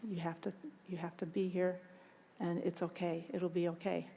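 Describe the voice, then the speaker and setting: A woman quoting a soft-spoken gentle alien. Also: lowish voice, level tone, normal speed, creaky, slight background noise. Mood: soothing. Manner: soft, reassuring. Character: calm gentle male alien being. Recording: long hall reverb.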